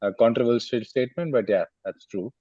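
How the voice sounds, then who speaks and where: A man giving his views on a cricket podcast, halting and wry, with frequent pauses and fillers. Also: medium pitch, warm tone, slightly rough, no room sound, dull audio. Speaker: podcast co-host. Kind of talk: casual podcast chat.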